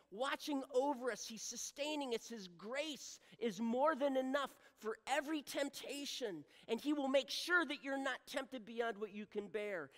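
A pastor preaching a sermon to a congregation, swinging from loud exhortation down to a hushed near-whisper and often checking in with the listeners. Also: medium pitch, in a large hall. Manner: direct address to congregation, repeated rhetorical checks.

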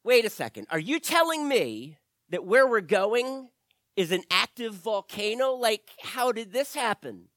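A man doing a high excitable young man. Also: no echo, studio quality, full character voice. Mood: excited. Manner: raised, quick interruptions.

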